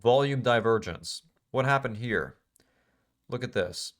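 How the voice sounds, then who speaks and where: A man's voice: medium pitch, expressive, a little slow, fairly bright tone. A man teaching a live trading class in a casual, emphatic way, repeating phrases and asking the class questions. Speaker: trading instructor.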